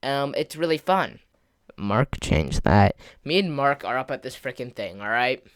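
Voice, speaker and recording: With a smooth, unhurried, mid-range voice, this man runs a gaming channel and spins a rambling story while he plays. Filler words and light slang crowd his speech, and his volume and excitement climb toward the climax.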